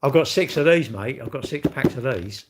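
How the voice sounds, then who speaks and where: A man's voice: mid-range voice, lively intonation, normal speed, husky. An English man, middle-aged, hosting a casual live stream and bantering cheekily with his chat in a rambling, jokey way. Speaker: livestream host.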